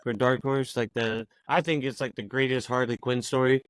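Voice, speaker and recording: A man's voice: medium pitch, steady tone, normal speed, no room sound. A man hosting a podcast, talking in a laid-back, casual way, with lots of fillers and easy swearing. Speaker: podcast host. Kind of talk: casual chat.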